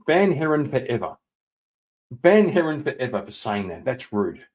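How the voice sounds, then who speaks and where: A male livestreamer with a middle-pitched voice talks casually to his chat. He rambles, laughs a lot and swears freely. Now and then he bursts out loud and excited. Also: normal speed, long pauses. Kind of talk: casual livestream chat reading viewer messages.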